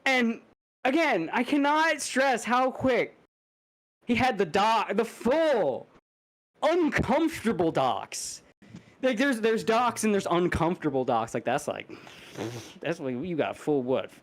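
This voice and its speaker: Animated man telling a story, laughing. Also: sits high, takes it slowly. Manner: animated, laughing, swearing, stammering restarts. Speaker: podcast co-host. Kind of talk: casual storytelling chat.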